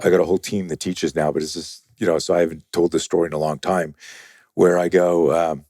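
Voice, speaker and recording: Low, dark-voiced man telling stories. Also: brisk, no echo, clean studio sound. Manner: animated, profane, acts out quoted voices. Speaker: guest, self-defense and fear-management trainer. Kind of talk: conversational storytelling in a podcast interview.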